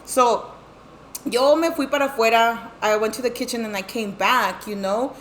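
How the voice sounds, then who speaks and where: A middle-aged woman with a slightly higher voice tells a family ghost story casually. She slips between English and Spanish, swears freely and acts out what each person said, with a faint hum of room noise behind her. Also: normal speed. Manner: animated storytelling, mixing English and Spanish, acting out quotes; heavy swearing, lots of fillers. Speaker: guest telling her life story.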